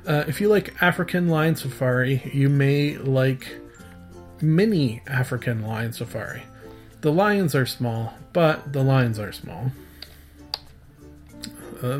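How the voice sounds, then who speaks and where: A man tells quick one-liners with a flat, deadpan delivery, often starting with a hesitant "uh" and chuckling at his own puns. His voice sits at an ordinary middle pitch. Faint music plays under him. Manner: halting, many "uh" restarts, chuckles at own jokes. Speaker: podcast host doing standup.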